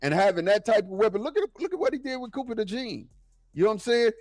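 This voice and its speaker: A man talking football in a casual, excitable, slangy way, often repeating himself. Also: sits high, fast, no echo, soft background music. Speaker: football podcast guest. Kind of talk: casual sports talk.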